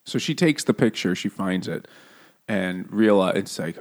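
A man's voice: low-pitched, animated, a little slow. A man co-hosting a book club podcast in casual chat, joking, swearing freely and laughing often.

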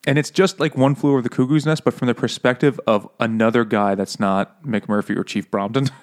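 A man's voice: medium pitch, fairly even intonation, fairly quick. A man hosting a casual book chat over beers, who laughs often and talks in a loose, profane way. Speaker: podcast host.

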